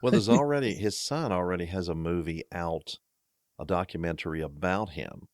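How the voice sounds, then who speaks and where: A man's voice: low voice, moderate pace, no room sound, studio quality. A man with an American accent, co-hosting a casual chat podcast and telling anecdotes while laughing at them. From United States. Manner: storytelling, laughs at own anecdotes. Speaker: podcast co-host.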